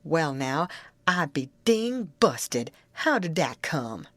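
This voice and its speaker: A woman's voice: deep voice, very animated, slow pace, no echo, voice pushed down, exaggerated voice. A woman reading an audiobook, voicing a stubborn, argumentative grown man with an insistent folksy drawl.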